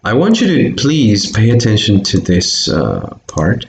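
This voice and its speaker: A man's voice: on the low side, wildly swooping pitch, a little slow, vocal fry. A man with a Bolivian Spanish accent, giving an online English lesson and patiently repeating example sentences for pronunciation. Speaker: English teacher. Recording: echoey room, faint background hiss.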